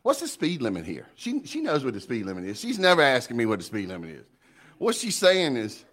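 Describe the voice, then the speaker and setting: A middle-aged man preaching with a drawl, his delivery animated and folksy. He stumbles over repeated words as he gets worked up, then eases into homespun asides. His voice sits at an ordinary pitch for a man, and it sounds like a church sermon. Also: fairly quick. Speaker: pastor.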